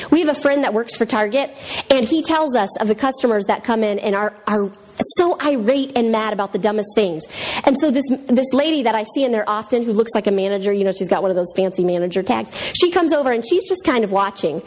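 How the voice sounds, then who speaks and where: A middle-aged woman with a high, light voice gives a church talk, mixing scripture with funny stories from her family life. She is animated and theatrical, acting out each voice she quotes. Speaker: women's speaker. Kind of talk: humorous teaching talk with personal stories.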